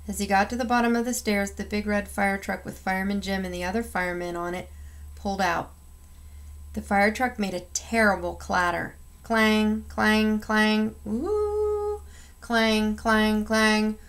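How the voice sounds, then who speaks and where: A woman's voice: mid-range voice, fairly even intonation, fairly quick, fairly bright tone. A woman reading a children's picture book aloud, acting out the sound effects with expression. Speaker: storyteller.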